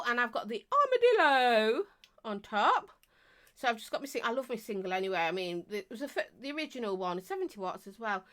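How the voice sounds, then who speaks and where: A woman's voice: a little high, pushed and bright. A woman hosting a live stream, chatting casually and rambling as she greets viewers and laughs often.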